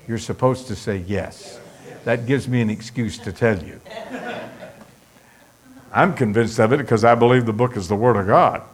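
Pausing often, a pastor with a medium-pitched voice delivers a sermon at a moderate pace. He stresses his message by repeating points emphatically, and his delivery quickens when he lists things.

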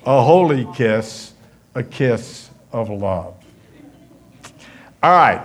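Pastor, male, unhurried sermon delivery, mid pitch. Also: expressive. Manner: measured, storytelling delivery.

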